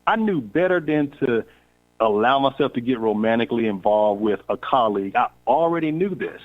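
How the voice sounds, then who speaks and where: A man of middle pitch tells a personal story candidly and casually, playing out both sides of the conversation. His voice comes through thin and tinny, like a phone line. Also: moderate pace. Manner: animated, candid storyteller acting out dialogue. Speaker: podcast host.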